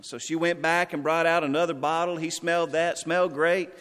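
Fairly high-voiced pastor preaching in a hall. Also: male voice, little pitch movement, a bit bright. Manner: folksy joke-telling, then slow emphatic repetition. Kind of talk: sermon.

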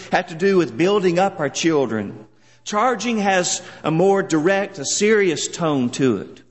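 A man preaching a sermon in an earnest, measured way, leaning on words for solemn emphasis. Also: sits high, big-room sound.

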